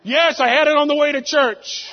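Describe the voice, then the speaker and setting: Young male pastor, lively storytelling sermon, muffled recording. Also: extremely high pitch, normal speed. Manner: animated, laughing storytelling with sudden loud outbursts. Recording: muffled sound with long hall reverb.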